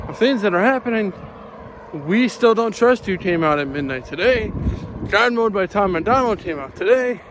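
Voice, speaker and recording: A man's voice: sits high, a little hiss or hum. A young man talking casually to his camera while outdoors on a sunny spring day, chatty and upbeat. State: out of breath. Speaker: vlogger.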